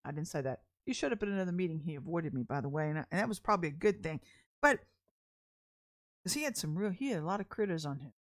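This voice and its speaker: A middle-aged woman minister telling personal stories in a sermon, chatty and animated, often laughing as she talks. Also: lowish voice, fast talker. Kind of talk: candid storytelling sermon.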